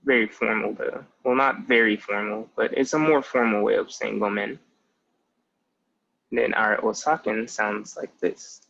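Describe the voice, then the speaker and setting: Young man with a gravelly fry. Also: fairly low pitch, steady tone, unhurried, pushed and bright. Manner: explains step by step, leaning on "so" and "basically". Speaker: language tutor. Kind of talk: casual spoken lesson. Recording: muffled lo-fi audio.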